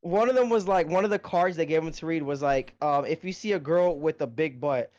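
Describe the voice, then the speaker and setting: A man's voice: a little high, a little fast, a little mellow, no room sound, highs cut off. A man co-hosting a gaming podcast, chatting casually in a rambling, slangy way. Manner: rambling, slangy, many "like"s and restarts. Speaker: podcast co-host. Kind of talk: casual chat.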